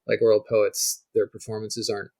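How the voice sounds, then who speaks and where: A man's voice: lowish voice, completely flat delivery, normal speed, mellow, low-quality recording. A middle-aged man, a guest scholar, explaining ancient music in conversation, thinking aloud with frequent restarts. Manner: thinks aloud, restarts often, demonstrates on guitar.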